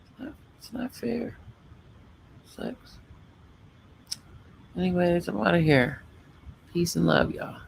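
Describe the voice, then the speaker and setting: Man, gravelly, slightly high voice, unhurried rambling livestream chat. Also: lively intonation, slight background noise. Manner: rambling, loose sign-offs, talks to chat. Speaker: livestream guest and show host. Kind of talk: casual late-night livestream chat.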